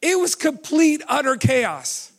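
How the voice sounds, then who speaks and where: A man with a high voice delivers a sermon. He keeps turning to his listeners with questions and pushes them on with "come on". His pace shifts between brisk runs and slow, stretched words. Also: big pitch swings. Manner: asks the audience many questions, urging with "come on"; pace swings from quick to slow and drawn out. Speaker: preacher.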